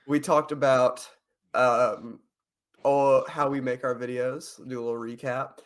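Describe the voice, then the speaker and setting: A man's voice: mid-range voice, steady tone, unhurried. A young man co-hosting a podcast, casually steering the talk and recapping, laughing often. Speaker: podcast co-host. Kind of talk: casual chat.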